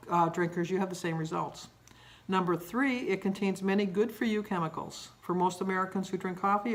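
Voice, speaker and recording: A woman's voice: fairly low pitch, a bit bright. An older woman talking casually in a daily vlog, rambling and emotional, sometimes tearful. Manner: rambling, emotional, self-deprecating. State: tearful at times. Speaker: vlogger.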